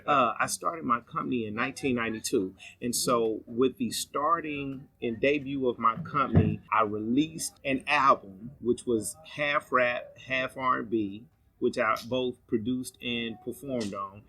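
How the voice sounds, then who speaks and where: A man's voice: mid-range voice, a little slow, pushed and bright, faint music behind. A middle-aged man, a comic artist, telling his story as a podcast guest at a convention. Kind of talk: casual interview. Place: convention floor, recorded live.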